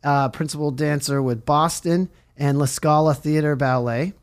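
A man's voice: a little high, fairly even intonation, normal speed, clear, resonant tone. A man hosting a recovery radio show, talking in a rambling, jokey, enthusiastic way. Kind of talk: casual interview chat. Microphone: studio mic, on camera.

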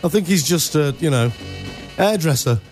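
A man's voice: fairly high pitch, lively intonation, normal speed, a little mellow, soft background music. A man hosting a radio show in casual chat, telling rambling stories and laughing at his own jokes. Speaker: radio host. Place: radio studio.

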